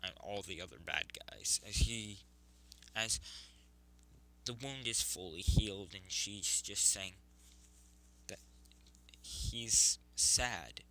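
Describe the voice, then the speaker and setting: A man's voice: lowish voice, slow, long pauses, pushed and bright, poor audio. A man improvising a fan story narration, rambling with frequent self-corrections.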